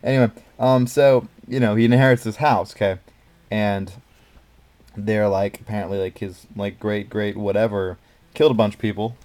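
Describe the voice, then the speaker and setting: A man's voice: lowish voice, fairly even intonation, moderate pace, darkish tone. A man co-hosting a casual home-video movie review, talking hesitantly with many fillers and restarts. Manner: hesitant, full of fillers and restarts, laughs along. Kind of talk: casual chat.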